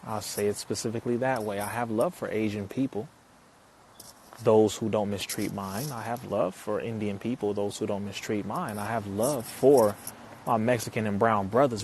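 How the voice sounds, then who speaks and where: A man's voice: on the low side, steady tone, normal speed, darkish tone, slight background noise. A man talking to viewers on a live stream, reading their comments and answering them, preachy and emphatic, repeating his points. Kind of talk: casual live stream talk.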